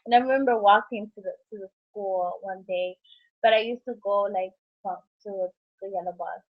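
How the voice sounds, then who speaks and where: A woman's voice: mid-range voice, fairly even intonation, normal speed. A young woman from New York City telling a heartfelt personal story in a rambling vlog, laughing often between thoughts. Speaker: vlogger. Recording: tinny phone-like recording.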